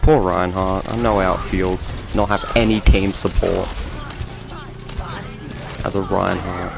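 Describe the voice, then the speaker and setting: An Australian man giving live commentary over his own game, swearing and mocking himself with sudden excited outbursts. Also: low-pitched, takes it slowly, vocal fry. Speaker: gameplay commentator. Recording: game music loud behind voice.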